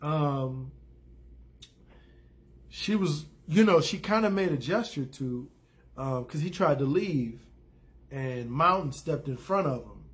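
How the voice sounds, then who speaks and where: A man's voice: a little high, lively intonation, slow pace, pauses often. A man giving a casual, rambling spoken recap with many fillers and restarts. He drops in blunt opinions and briefly acts out characters' lines. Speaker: TV episode recapper.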